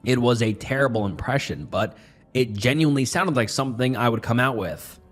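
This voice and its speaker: A man narrating a first-person horror story in a tense, dramatic way, dropping low and quiet for asides. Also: a little fast. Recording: faint music bed behind the voice. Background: faint background music.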